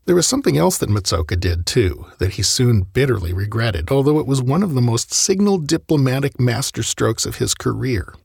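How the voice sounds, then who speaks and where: A man's voice: medium pitch, very animated, brisk, vocal fry, few pauses, darkish tone, slight background noise. A man narrating a history story in a scripted style, with wry conversational asides.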